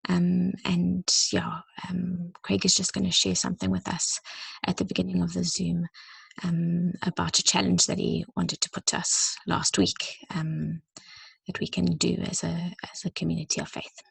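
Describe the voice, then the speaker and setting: Soft, breathy woman with a gravelly edge. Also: on the low side, monotone, no echo. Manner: soft, slow and reflective, often near a whisper. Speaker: church leader. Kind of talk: reading a prayer poem and sharing a message.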